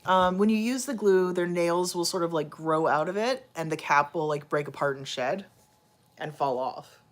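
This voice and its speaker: A woman with a fairly low voice speaking at normal speed vlogs casually from home. Chatty and full of fillers, she talks to the camera and her viewers, and also to her cats.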